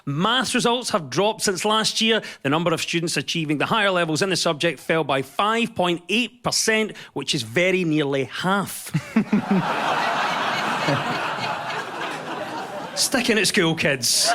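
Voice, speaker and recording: Lively high-voiced host. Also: male voice, slow, long pauses, noisy background. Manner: upbeat, teasing quizmaster. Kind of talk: comedy panel show hosting.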